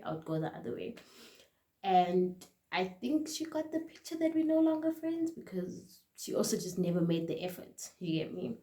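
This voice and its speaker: Chatty South African woman, mellow voice. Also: on the low side, echoey room. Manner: chatty, animated, often drops to a quiet aside. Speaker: vlogger. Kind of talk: casual storytime.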